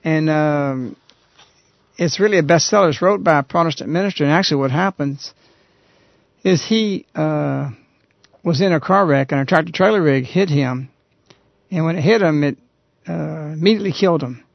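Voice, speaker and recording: A man hosting a radio talk show, earnestly retelling a story in a halting, conversational way. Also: a little high, vocal fry, dry recording. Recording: dull, lo-fi radio recording.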